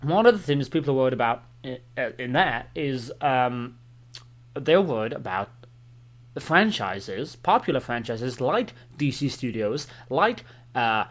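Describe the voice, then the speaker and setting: A man's voice: medium pitch, animated, measured pace, a bit bright. A young man co-hosting a satirical comedy podcast, rambling and stumbling over restarts as an opinionated film bro. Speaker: podcast co-host.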